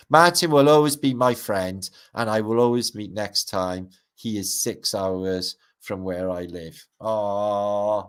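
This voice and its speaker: Sweary Welsh man rambling on a livestream. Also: sits low. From Wales. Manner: rambling, sweary, greets chat by name. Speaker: livestream host. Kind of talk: casual livestream chat reading out comments.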